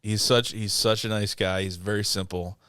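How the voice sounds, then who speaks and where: A man's voice: on the low side, steady tone, normal speed, pushed and bright, clean tone, dry recording, clean studio sound. A man co-hosting a podcast, telling stories in casual chat, laughing and swearing a lot. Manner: laughing, profane storytelling. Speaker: podcast co-host.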